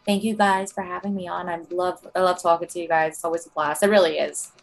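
A woman with a thick New York accent, rattling off her words quickly in loose, rambling chatter. Her voice sits a little low for a woman. She curses casually as she talks. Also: steady tone, soft background music. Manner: fast, rambling, swears freely. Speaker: podcast guest. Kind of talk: casual chat.

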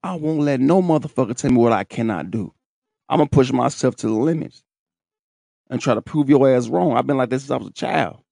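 A man telling his own story in casual, profane, animated talk, laughing and breaking into high shouts. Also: brisk, gravelly, no room sound, clean studio sound.

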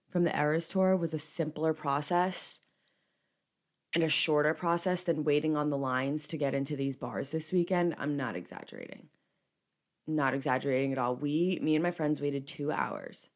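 A young woman hosts a casual solo podcast in a slightly low voice. She talks in a chatty, emphatic way and slides easily into playful rants. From New Jersey. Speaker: podcast host.

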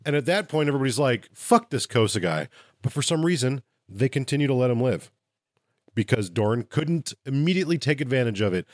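A man co-hosting a casual podcast, retelling tabletop game lore with profanity and quick asides. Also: mid-range voice, expressive, no echo, clean studio sound. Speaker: podcast co-host.

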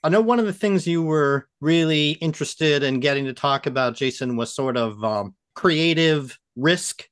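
A man interviewing two guests, asking measured, thoughtful questions. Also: fairly high pitch, a bit bright, clear, resonant tone, no room sound, clean studio sound.

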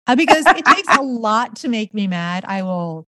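A middle-aged woman, a guest author and healer, talking in an animated, emphatic way in a conversational interview. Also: a little high, normal speed, dry recording, clean studio sound. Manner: animated, emphatic storytelling with gasps and laughs.

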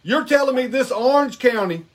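A man hosting a call-in show gets into a heated back-and-forth with a caller, repeating himself and cussing as he goes. His voice sits very high and swings around a lot in pitch. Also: lively intonation, moderate pace. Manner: exasperated, repeats himself, cusses.

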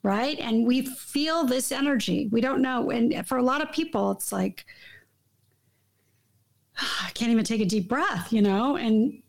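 Woman, casual chat, emphatic, restarts a lot, higher pitch, gravelly. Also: measured pace, pauses often. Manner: emphatic, animated, trails off and restarts often. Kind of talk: casual conversation. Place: Los Angeles.

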